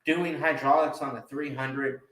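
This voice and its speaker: A man hosting a podcast, chatting casually and telling rambling, profane stories, with lively quotes of other people. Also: medium pitch, a little slow, roomy sound, poor audio. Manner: animated when quoting others. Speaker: podcast host. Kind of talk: casual chat.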